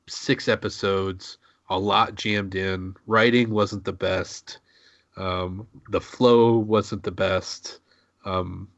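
Laid-back man, low voice, swears freely. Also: a bit bright, no room sound, muffled recording. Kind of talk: casual podcast chat.

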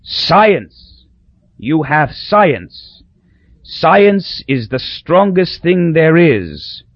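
A man's voice: on the high side, sing-song, very slow, no echo, muffled recording, voice pushed up, heavily acted. A man voicing a dying old male island dictator who gasps out fevered outbursts. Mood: feverish.

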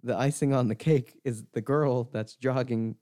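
A man's voice: medium pitch, steady tone, normal speed, mellow. A young man co-hosting a podcast, telling a story in casual chat. He acts out the quoted lines and laughs often. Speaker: podcast co-host.

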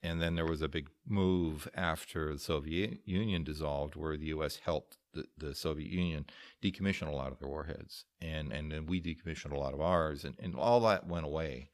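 Brief: male stage actor, very low voice, rambling casual talk with restarts. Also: moderate pace. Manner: rambling, repeats words as he starts sentences. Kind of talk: casual chat.

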